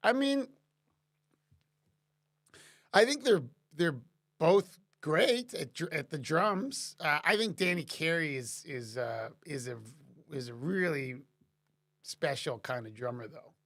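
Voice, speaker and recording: A man's voice: on the high side, expressive, takes it slowly, long pauses, fairly bright tone. A man casually answering chat questions on a live stream, rambling with many restarts and fillers. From Canada.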